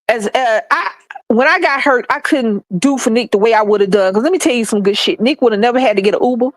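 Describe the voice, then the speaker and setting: Fast and on the high side, this middle-aged woman's voice carries no room sound as she streams a heated monologue. Her opinions come out blunt and passionate, laced with plenty of profanity and emphatic repetition.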